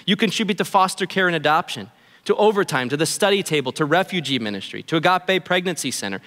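A male pastor preaching a sermon in an earnest, animated way, voicing what his listeners might think. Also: on the high side, fast, long reverb tail. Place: church auditorium.

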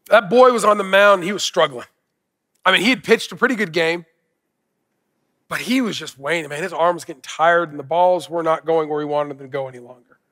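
A man's voice: high voice, a bit bright. A man preaching a sermon as pastor, in an earnest, conversational way.

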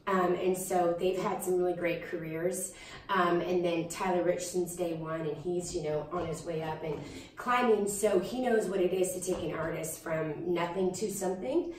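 A woman's voice: fairly low pitch, moderate pace, slight background noise. Chatty young woman, distant roomy mic. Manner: chatty, animated, frequent fillers. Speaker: singer-songwriter guest. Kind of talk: casual interview chat.

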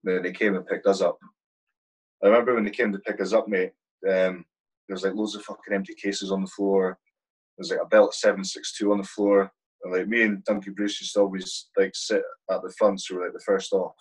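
A low, husky male voice, a soldier in his thirties recounting combat with blunt, salty language. He talks casually, like he's with a mate. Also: rough recording. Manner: blunt, swears freely, vivid war anecdotes. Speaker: guest, army platoon sergeant. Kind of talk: casual storytelling.

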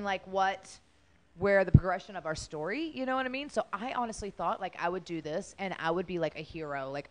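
A woman in her thirties telling a story as an interview guest, chatty and full of fillers, chewing gum while she talks. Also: lowish voice. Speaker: guest, former wrestler.

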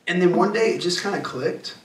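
High-voiced young man preaching, echoey. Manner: emphatic, conversational preaching with slowed scripture reading. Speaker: youth pastor. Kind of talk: youth sermon. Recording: echoey room, distant mic.

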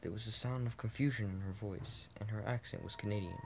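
A man's voice: fairly low pitch, fairly quick, creaky, very noisy. A man reading a text adventure game aloud in a casual let's play, often restarting words and adding asides.

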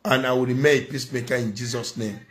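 Nigerian man, middle-aged, preachy scolding commentator, mid-pitched voice. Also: steady tone, fast. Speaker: social media commentator. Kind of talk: impassioned monologue.

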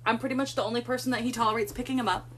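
A woman chats casually on a live stream from a room at home, slipping into cooing baby talk for her cats. Her voice sits a little high and sounds bright and forceful. A faint hum runs under the phone recording. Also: fairly even intonation, very fast.

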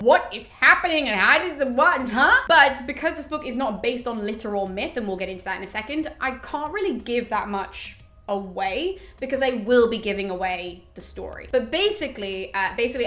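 A woman's voice: fairly high pitch, fairly bright tone, roomy sound. A young woman hosting a book review channel, chatting casually and upbeat with plenty of fillers, her voice slightly cracking from a cold. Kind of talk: casual chat to camera.

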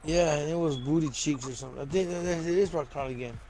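A man playing a horror game with friends over voice chat, excitable and crude in his trash talk. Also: fairly high pitch, quick pace, crowd noise, rough recording. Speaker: co-streamer teammate. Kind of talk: casual gaming banter over voice chat.

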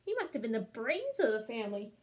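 A woman's voice: fairly high pitch, sing-song, fast. Woman reading as a wry, chatty wolf. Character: smooth-talking male wolf defending himself. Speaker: storybook reader. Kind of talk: children's read-aloud.

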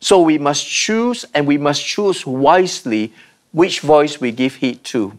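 Slow, measured male preacher. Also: fairly high pitch, expressive. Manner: slow, measured preaching with dramatic pauses and repeated refrains. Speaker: pastor. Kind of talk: sermon.

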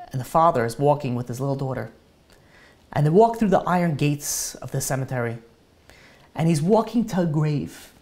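A man's voice: a little high, a little mellow. Male rabbi, emotional sermon storyteller, impassioned delivery. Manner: impassioned, voice rising as he urges.

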